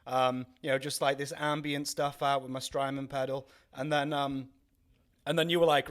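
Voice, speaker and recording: A young man from North Wales, co-hosting a podcast, chats casually in a rambling way, with frequent fillers and restarts. His mid-range, fairly bright voice has little pitch movement and a moderate pace, and his accent is mixed, faintly Welsh with southern English traces.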